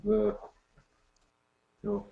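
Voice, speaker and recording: A man co-hosting a podcast in casual chat, joking, swearing and laughing a lot. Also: extremely slow. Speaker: podcast co-host. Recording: dull, muffled audio.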